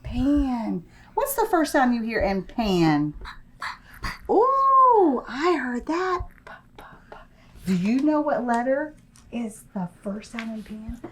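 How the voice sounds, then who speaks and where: A young woman teaching a phonics lesson to small children, stretching out sounds in a slow, encouraging voice. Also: fairly high pitch, sing-song, darkish tone, breathy edge. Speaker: preschool teacher.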